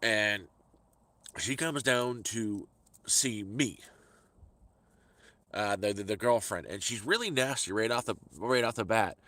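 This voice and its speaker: A middle-aged man vlogs casually, telling an exasperated, ranting story into a phone he holds in his hand. His voice is on the low side and sharp in tone, and he speaks slowly with long pauses, often repeating words, in a dry recording.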